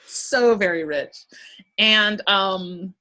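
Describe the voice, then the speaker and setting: A woman's voice: medium pitch, very slow. A woman hosting a podcast, recapping an episode in casual chat, laughing often and acting out lines as she goes. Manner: animated retelling, acts out quoted lines, laughs often. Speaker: podcast host.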